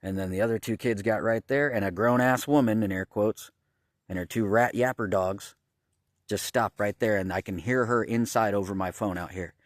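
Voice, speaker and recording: A man with a low voice rants at his camera in a rambling outdoor vlog, agitated and profane. His voice sounds dry and close, with little room sound around it. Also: moderate pace, dry recording. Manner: agitated, profane, points things out to viewers. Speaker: vlogger. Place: outdoors at a campground by his trailer.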